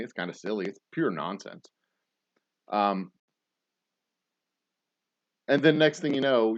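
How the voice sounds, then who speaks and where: A man's voice: mid-range voice, no room sound, lo-fi sound. A man hosting a casual livestream chat, rambling and sarcastic, with plenty of swearing. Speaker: host.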